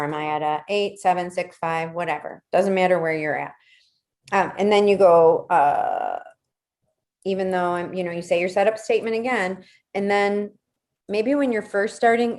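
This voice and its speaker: A woman's voice: fairly low pitch, a little mellow. A woman leading a casual workshop, talking conversationally, repeating words and checking in with "right?". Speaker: workshop leader.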